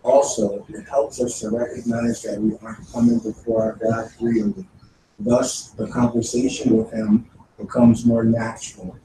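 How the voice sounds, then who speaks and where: A man in a church class reading scripture verses and a book passage aloud in a measured way, with the occasional "uh". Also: medium pitch, flat delivery. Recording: echoey room picked up from a distance, faint noise.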